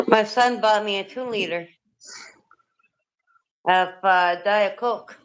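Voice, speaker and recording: A woman's voice: mid-range voice, slow, rough recording. A woman in her fifties chatting casually and joking back and forth. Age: 50s. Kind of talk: casual chat.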